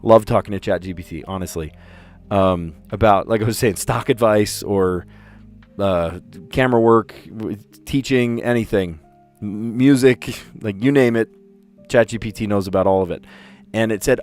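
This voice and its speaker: A man's voice: lowish voice, normal speed, a little mellow, faint music behind. A middle-aged man and teacher hosting a casual livestream, chatting and rambling with frequent exclamations while he solves puzzles.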